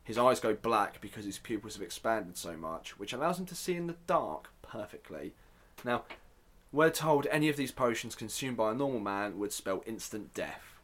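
A man's voice: lowish voice, lively intonation, normal speed, a bit bright. A man hosting a casual solo podcast, chatty and self-deprecating, with joking asides. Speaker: podcast host.

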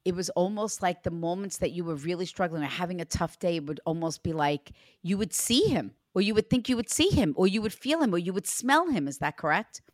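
A woman's voice: lowish voice, fairly quick, hardly any pauses, dry recording, studio quality. A woman working as a psychic medium, giving a reading to a client in an earnest, reassuring way. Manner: earnest, reassuring, animated when retelling.

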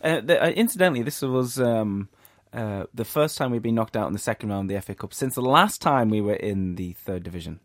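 A man hosting a casual football podcast in a studio, relaxed and hesitant. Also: fairly low pitch, a little fast, few pauses, no echo. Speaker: podcast host.

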